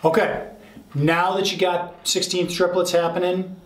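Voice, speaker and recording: A man's voice: a little high, a little slow, roomy sound, background noise. A man teaching drums, explaining a fill and counting the rhythms aloud, checking in with the listener as he goes. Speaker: drum teacher. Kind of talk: instructional explanation.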